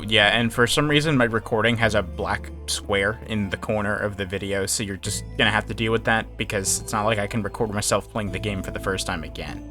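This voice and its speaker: A man's voice: medium pitch, bright, forceful tone. A man giving a candid, opinionated game review in casual commentary, often hedging his points.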